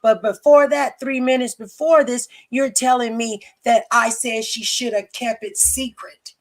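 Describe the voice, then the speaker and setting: A woman's voice: a little high, fairly even intonation, unhurried. A woman hosting a livestream, ranting angrily and bluntly with profanity and repeated lines. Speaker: livestream host. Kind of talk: heated livestream rant.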